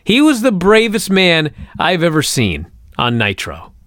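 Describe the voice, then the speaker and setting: A man's voice: fairly high pitch, a little slow, no echo, clean studio sound. A man co-hosting a casual podcast, telling stories with lots of swearing and acting out quotes. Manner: animated, profane storytelling, acts out quotes. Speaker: co-host.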